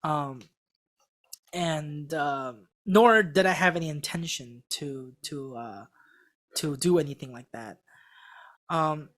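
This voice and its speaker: Woman, lowish voice, podcast guest, casual storytelling, rambling, lots of fillers and restarts. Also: slow, long pauses. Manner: acts out quoted people in a mock-excited voice. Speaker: singing contestant guest on a podcast.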